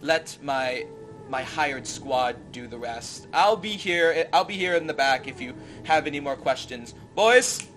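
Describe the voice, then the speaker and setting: A man's voice: medium pitch, animated, a little slow, a bit bright, soft background music. A man voicing a sly male owl-man villain in a white suit, with a smug put-on accent, during a tabletop game.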